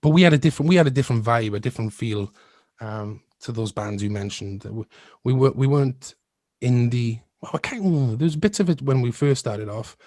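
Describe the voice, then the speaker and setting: A man's voice: mid-range voice, a little mellow, no room sound. A man in his thirties, a musician guest telling stories in a rambling, casual way. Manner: rambling, restarts often, laughs through stories. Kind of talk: casual storytelling interview.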